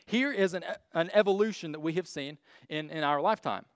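A man's voice: a little high, a little fast, dry recording, studio quality. A man giving a casual lecture with slides, blunt and full of joking asides. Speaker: speaker teaching a class on faith and evolution.

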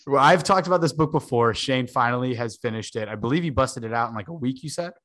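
A man's voice: mid-range voice, quick pace, no room sound. Young man, podcast co-host, casual profane banter, dry close sound. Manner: profane, joking, animated storytelling.

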